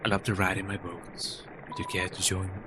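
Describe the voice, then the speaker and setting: A man voicing a dreamy, hooded river creature who rides a boat, in a soft sing-song murmur. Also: low voice, monotone, fairly quick, background noise, pitched below the performer's own voice, close to an everyday voice.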